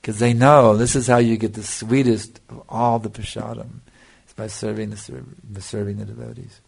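Gravelly older man giving a devotional talk. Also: lowish voice, flat delivery, moderate pace. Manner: earnest, repeats "you see", answers questions. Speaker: spiritual teacher. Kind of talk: devotional lecture.

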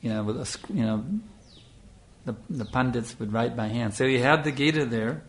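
An older man giving an earnest sermon, telling a devotional story with lively storytelling and frequent fillers. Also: mid-range voice, normal speed, slight background noise. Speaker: spiritual teacher.

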